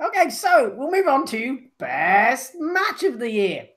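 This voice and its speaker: A woman co-hosting a casual wrestling chat, rambling and laughing, loud when teased. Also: high-pitched, sing-song, slow pace. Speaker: podcast co-host.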